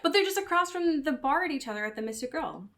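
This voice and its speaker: A woman's voice: sits high, lively intonation, fast, a bit bright. A woman co-hosting a podcast in casual chat, retelling scenes in quoted voices and swearing casually. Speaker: podcast co-host. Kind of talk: casual chat recapping a TV show.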